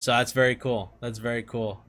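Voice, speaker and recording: A man's voice: medium pitch, steady tone, brisk, fairly bright tone. A man chatting casually with viewers, laughing often. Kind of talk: casual chat.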